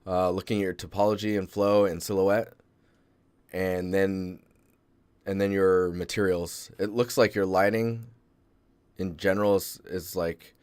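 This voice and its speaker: A man hosting a live stream, reviewing a 3D art portfolio in a relaxed, rambling way with lots of fillers and restarts. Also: low voice, measured pace, smooth, no room sound. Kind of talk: casual live-stream critique.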